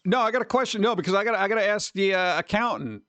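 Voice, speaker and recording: A man's voice: high-pitched, expressive, racing, pushed and bright, dry recording. A man in his forties, hosting a stream in casual chat, ranting and swearing lightly about everyday annoyances. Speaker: streamer host.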